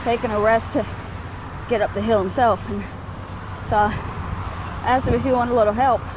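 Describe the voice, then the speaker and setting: A woman's voice: a little high, fairly even intonation, moderate pace, muffled recording, noisy background. A woman out of breath from walking uphill, talking in a rambling, swearing vlog recorded outdoors on a city street. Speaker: vlogger in a played clip. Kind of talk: casual vlog while walking.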